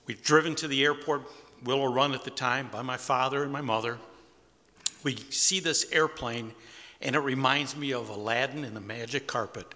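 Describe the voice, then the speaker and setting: A man's voice: medium pitch, steady tone, normal speed, bright, forceful tone. A man in his sixties telling a personal story to a live audience in an easygoing, wry, conversational way. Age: 60s. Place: community center hall with audience. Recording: long hall reverb.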